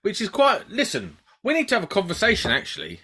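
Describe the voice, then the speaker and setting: A man's voice: sits high, wildly swooping pitch, fast, bright, forceful tone, breathy edge. A man co-hosting a casual podcast, joking and bantering with the others. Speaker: podcast co-host.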